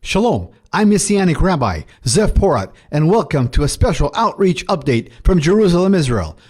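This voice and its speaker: A man's voice: a little high, sing-song, moderate pace, a little mellow, husky. A man, a Messianic rabbi, gives a ministry outreach update and reads scripture aloud in a preaching manner.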